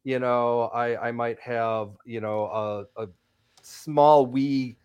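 A man's voice: mid-range voice, flat delivery, slow, clean tone, highs cut off. A man guesting on a radio talk show, chatting casually about theater in a rambling, self-deprecating way. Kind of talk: casual radio interview chat.

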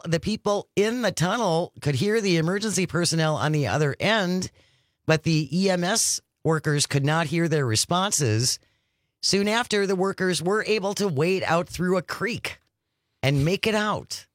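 A man's voice: sits high, moderate pace, no echo, clean studio sound. A man hosting a radio show, recapping a news story and chatting with his co-host. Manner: chatty, reads stories then riffs. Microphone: studio microphone.

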